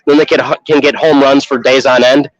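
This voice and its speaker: A man's voice: medium pitch, level tone, fairly quick, no echo. A man from Chicago streaming from an outdoor festival on his phone, rambling in casual, profane chat and laughing often. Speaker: live streamer. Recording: dull lo-fi phone audio.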